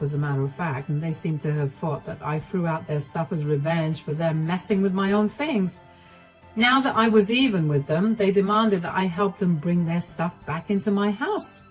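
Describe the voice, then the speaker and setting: A woman tells a first-person story in a steady, matter-of-fact scripted narration. Her voice is mid-pitched and even, with faint background music underneath. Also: poor audio.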